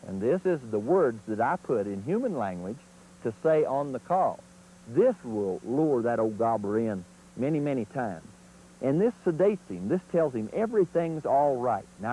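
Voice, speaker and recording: Folksy man teaching with a lively voice. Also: medium pitch, moderate pace, slight background noise, low-quality recording. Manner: folksy, plain-spoken teaching. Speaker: turkey calling instructor. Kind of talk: instructional video demonstration.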